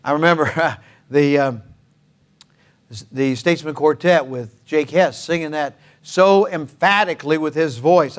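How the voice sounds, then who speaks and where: A man delivers a sermon in a somewhat high voice. He talks emphatically, repeating key phrases for stress and dropping in folksy asides to the congregation. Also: measured pace. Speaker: preacher.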